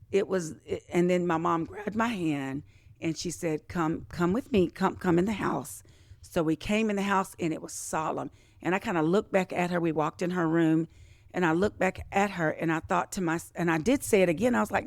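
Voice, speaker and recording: A woman tells a personal story on a podcast, and her voice carries a gravelly, crackling edge. She speaks with feeling, circling back to the same phrases and slipping into the voices of the people in her story. The sound is dry and close. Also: lowish voice, moderate pace, no echo. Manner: emotional, repeats phrases, acts out quoted voices. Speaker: podcast guest.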